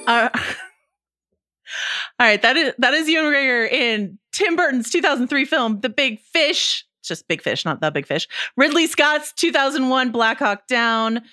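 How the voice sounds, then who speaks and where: A woman's voice: sits high, lively intonation, measured pace, bright, forceful tone. A woman co-hosting a movie podcast in a playful, teasing way, often laughing as she talks. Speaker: podcast co-host. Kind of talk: casual podcast chat.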